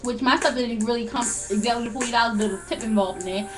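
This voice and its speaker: A young woman telling a long story in casual chat, animated and profane, laughing often. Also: fairly high pitch, fast talker, music in the background.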